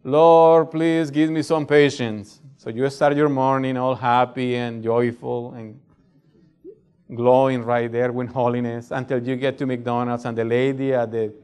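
A man's voice: mid-range voice, little pitch movement, a little slow, darkish tone, clean tone. A middle-aged man with a non-native English accent, preaching a sermon in a conversational way and often checking in with "right?". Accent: non-native English speaker. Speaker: pastor.

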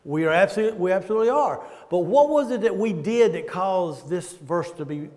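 A man with a Southern American accent preaches in a casual, questioning way, pulling the congregation in as he goes. His voice sits high for a man. It carries with a long reverb through a church hall. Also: animated, a little fast, a little mellow. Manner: conversational, asks the congregation questions. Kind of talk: sermon.

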